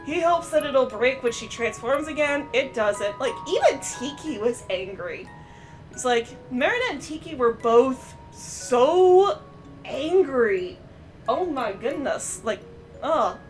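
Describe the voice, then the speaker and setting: A woman recapping and reacting to a cartoon episode in a chatty, animated way, with lots of fillers. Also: high voice, soft background music. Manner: chatty, animated, with many fillers and quick quoted voices. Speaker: streamer reviewing a cartoon episode.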